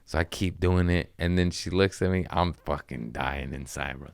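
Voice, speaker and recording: A man with a deep, low voice spins casual stories on his podcast, swearing freely and cracking himself up as he goes. The sound is close and dry, with no room around it. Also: normal speed, vocal fry, dry recording. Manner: loose, profane, laughing at his own stories. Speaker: comedian hosting a podcast. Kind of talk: casual storytelling chat.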